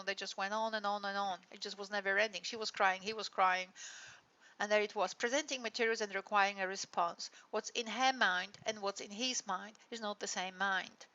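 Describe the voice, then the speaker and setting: Bright-voiced woman lecturer, dull recording. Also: mid-range voice. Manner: explanatory, frequent tag questions. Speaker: university lecturer.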